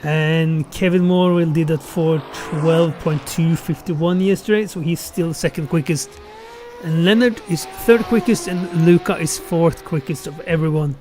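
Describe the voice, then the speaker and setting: A man's voice: fairly high pitch, measured pace, darkish tone, slight background noise. A man giving casual live commentary on a sim racing qualifying session, thinking aloud and correcting himself as he goes.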